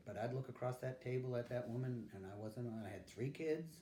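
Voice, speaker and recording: A man's voice: mid-range voice, lively intonation, normal speed, few pauses, reverberant, a little hiss or hum. An older man, being interviewed about his life and telling it candidly, acting out what people said. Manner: candid storytelling, acts out quotes. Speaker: interviewee, veteran. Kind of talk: recounting his life story.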